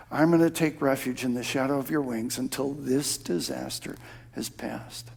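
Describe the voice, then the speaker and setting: A male pastor preaching a sermon, dropping to a soft hush for prayers and rising to emphatic shouts on key phrases. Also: mid-range voice, steady tone, moderate pace, vocal fry, husky. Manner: drops to a soft hush when quoting prayer.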